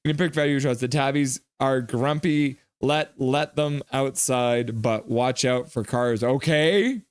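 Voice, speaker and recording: A young man runs a live hockey reaction stream, excitable and joking as he reads his chat. His voice sits at an ordinary pitch and is recorded dry and close on a desk mic. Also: measured pace, clear, resonant tone, dry recording.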